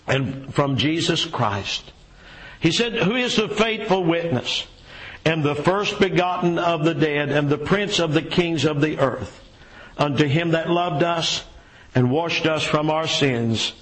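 A man preaching a sermon and reading a story aloud, folksy and unhurried, with many fillers and repeated words. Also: fairly high pitch, rough recording.

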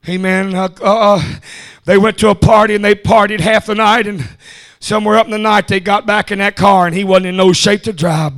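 Brief: man, revival preacher, high bright tense voice, chanted "huh?" after each phrase. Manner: shouting, punctuating phrases with "huh?" and "amen". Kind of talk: revival sermon. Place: church service.

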